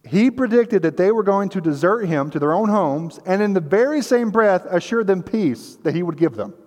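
A man's voice: sits high, expressive, moderate pace, darkish tone. A man preaching a sermon as pastor of a church, earnest and conversational, sometimes acting out the voices in the story. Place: church sanctuary. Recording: long hall reverb.

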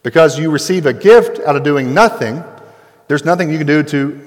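A man in his thirties preaching a sermon as pastor, stretching key words out slowly and building to forceful, rising emphasis. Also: a little high. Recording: long hall reverb.

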